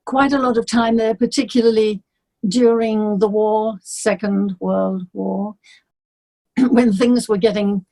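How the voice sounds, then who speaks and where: An older woman from England, a singer, chatting as a guest and telling childhood stories in a lively, anecdotal way. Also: mid-range voice, slow pace, low-quality recording. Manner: chatty, warm anecdotes, laughs easily. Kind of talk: interview.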